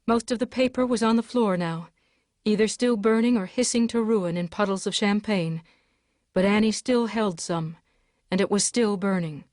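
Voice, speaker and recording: Casting: woman, mid-pitched, steady audiobook narrator, dry close recording. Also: normal speed, dry recording. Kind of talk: dramatic audiobook reading.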